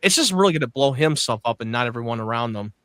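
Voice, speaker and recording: A man co-hosting a podcast in casual chat, chiming in with quick reactive remarks. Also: medium pitch, expressive, fairly bright tone, clean tone, no room sound, studio quality. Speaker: podcast co-host.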